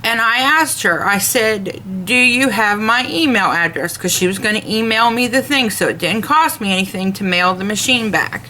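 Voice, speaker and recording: A woman vlogging a complaint, retelling a phone call in an earnest, measured way and speaking openly about her faith. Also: mid-range voice, animated, pushed and bright, a little hiss or hum. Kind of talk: complaint rant to camera.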